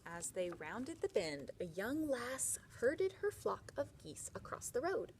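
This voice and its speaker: A woman reading a picture book aloud to children, expressive, with chatty asides. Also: on the high side, measured pace, a little hiss or hum.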